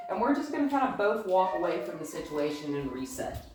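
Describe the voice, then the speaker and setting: A woman's voice: lowish voice, sing-song, a little fast, darkish tone, a little hiss or hum. A woman dog trainer giving a casual demonstration at home, chatty and upbeat, often praising the dog. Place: living room at home with a couch. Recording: echoey room from far off.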